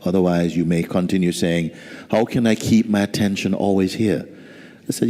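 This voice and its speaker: A man as spiritual teacher giving a slow, soft-spoken satsang talk with gentle humor. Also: low-pitched, steady tone. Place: large hall. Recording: reverberant hall.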